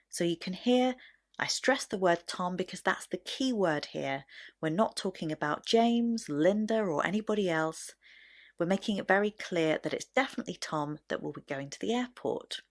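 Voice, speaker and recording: A woman explaining sentence stress in a video lesson, speaking clearly and deliberately as she demonstrates. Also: lowish voice, animated. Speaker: English teacher.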